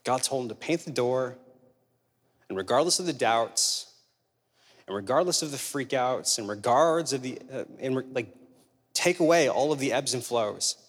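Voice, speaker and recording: A man's voice: medium pitch, expressive, moderate pace, breathy edge. A man preaching a sermon in a conversational way, asking rhetorical questions and telling humorous stories. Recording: long hall reverb.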